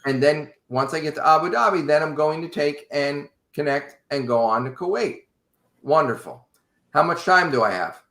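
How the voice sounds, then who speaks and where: A man casually telling a long travel story to a podcast host in an animated, wry way. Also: fairly high pitch, moderate pace. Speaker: podcast guest. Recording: roomy echo.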